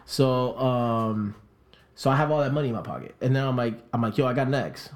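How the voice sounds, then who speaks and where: Profane, animated young man telling a story. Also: medium pitch, fairly quick. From South Florida. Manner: animated, profane, acts out quoted voices. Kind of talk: casual storytelling chat.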